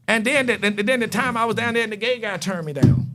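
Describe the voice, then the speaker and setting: Fast-talking animated storyteller man. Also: high-pitched, noisy background. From North Carolina, US. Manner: animated, acts out scenes and voices. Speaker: podcast guest. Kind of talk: storytelling chat.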